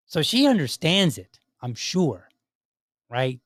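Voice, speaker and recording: A man's voice: on the high side, moderate pace, no echo, studio quality. A man hosting a podcast, commenting sarcastically on clips and acting out imagined back-and-forth dialogue. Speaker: podcast host.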